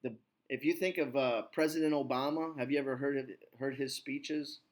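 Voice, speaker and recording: A man's voice: mid-range voice, fairly even intonation, normal speed. Chatty man coaching an English student. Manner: chatty, coaching, many "you know" fillers. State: slightly sick, clears throat. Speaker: English teacher. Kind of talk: online English lesson.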